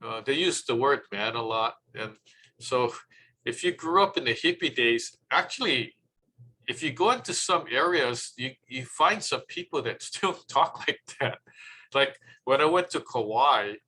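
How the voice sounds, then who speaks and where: A man's voice: medium pitch, measured pace, slight background noise, low-quality recording. Chatty man giving speaking tips. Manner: relaxed, chatty, acts out quotes. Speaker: presenter. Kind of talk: public speaking talk.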